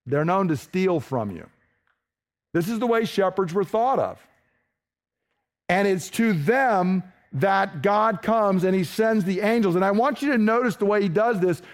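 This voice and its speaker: A man with a high, bright speaking voice preaches a sermon. He teaches by asking his listeners questions, then slows right down to press a point home. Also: animated. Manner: teaching with rhetorical questions, slowing for emphasis.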